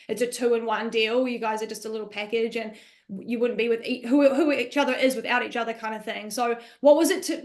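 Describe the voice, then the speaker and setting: Gushing, fairly high-voiced woman host. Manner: gushing, affectionate, calls guest babe. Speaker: podcast host. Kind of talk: casual podcast interview.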